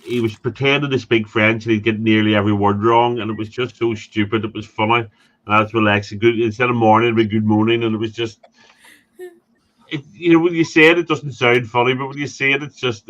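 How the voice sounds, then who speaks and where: A man's voice: medium pitch, steady tone, fairly quick, fairly bright tone, dull audio. Man rambling in casual chat. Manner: rambling, crude jokes. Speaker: livestream guest.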